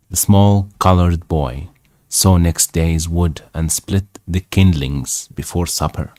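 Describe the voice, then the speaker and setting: A man's voice: low-pitched, mellow, dry recording, clean studio sound. A man reading a novel aloud for English learners, stopping to check words and repeat their pronunciation. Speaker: English teacher.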